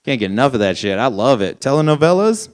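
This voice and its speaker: In a stand-up comedy set, a young man with a medium-pitched, clear, resonant voice rattles off his material quickly in a sing-song delivery. His bits are incredulous, expletive-laden rants that build to punchlines.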